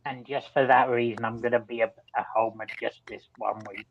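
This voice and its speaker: A man's voice: mid-range voice, little pitch movement, normal speed, a little hiss or hum. A man co-hosting a sports podcast, talking in a sardonic, analytical way and swearing often. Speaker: podcast co-host. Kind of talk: casual chat. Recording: dull lo-fi audio.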